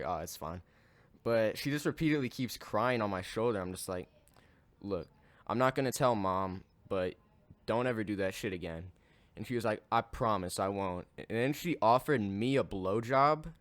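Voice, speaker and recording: Man, deadpan storyteller, casual monologue, lowish voice, dry room. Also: no room sound.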